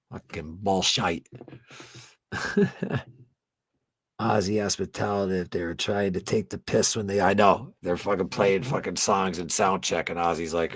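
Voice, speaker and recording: A man's voice: deep voice, a bit bright, husky, no echo. A man hosting a fan channel in a casual late-night live stream chat, rambling along and swearing freely. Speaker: host of a fan tribute channel.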